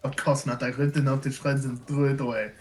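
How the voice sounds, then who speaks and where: A haughty young woman, cold and curt, who dismisses everyone in short, clipped lines, read by a man. The voice sits at a middling pitch with faint hiss behind it, delivered as an amateur game-voice reading. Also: little pitch movement, fast talker, a little mellow, close to an everyday voice, rough recording. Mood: cold, dismissive. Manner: curt, disdainful.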